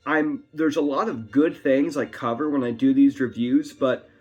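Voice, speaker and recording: A man's voice: medium pitch, steady tone, normal speed, a little mellow, slightly rough, dull audio. A man giving a rambling, chatty whiskey tasting review at home, full of asides. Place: his home. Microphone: camera on a tripod. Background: faint classical music.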